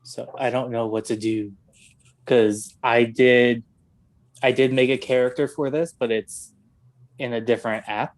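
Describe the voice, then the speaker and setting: Man, mid pitch, monotone, plain matter-of-fact delivery while pitching his character. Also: a little slow. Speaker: player. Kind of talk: casual chat about a tabletop character.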